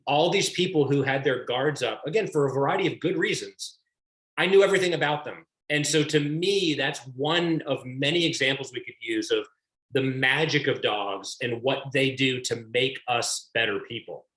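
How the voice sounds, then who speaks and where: Medium in pitch and a bit bright, this man moves at a moderate pace while hosting an author talk on a video call. He asks interview questions in a rambling way, restarting many times, with roomy echo around him.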